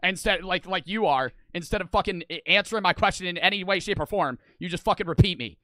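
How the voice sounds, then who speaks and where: A man's voice: sits high, fast talker, a bit bright, dry recording, clean studio sound. A young man giving rambling, argumentative reaction commentary, swearing often and restarting his sentences. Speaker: online reaction streamer.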